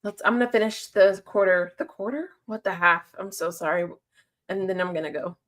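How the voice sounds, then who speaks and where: A chatty woman talking casually to her livestream chat. She reads out messages, answers them and laughs often, at an easy middle pitch. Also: fairly even intonation, brisk, fairly bright tone.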